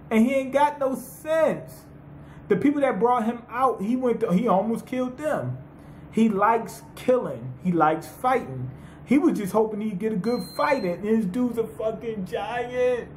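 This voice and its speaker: A man's voice: extremely high pitch, a little hiss or hum. A man giving a rambling, profane, comedic recap of an anime episode, retelling the characters' lines in slang. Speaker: anime reviewer.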